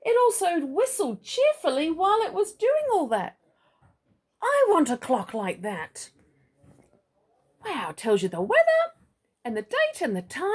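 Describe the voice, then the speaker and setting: A woman reading a children's storybook aloud to a child, playful and chatty with asides. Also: extremely high pitch. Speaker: parent or relative reading to a child.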